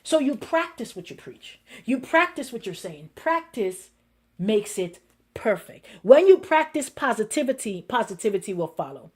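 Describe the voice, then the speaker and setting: A woman pastor preaching a sermon in a lively, conversational way, acting out inner voices and laughing along. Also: on the high side, moderate pace, breathy edge.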